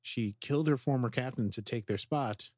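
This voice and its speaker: Man, casual podcast recapper, animated, acts out lines, dry close sound. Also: medium pitch, moderate pace, dry recording. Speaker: podcast co-host. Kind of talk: casual chat recapping a TV episode.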